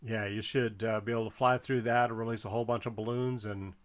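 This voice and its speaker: A man co-commentates as someone else flies in a video game, offering casual, encouraging play-by-play and counting the balloon score aloud. His voice is on the low side, steady in tone, and quick.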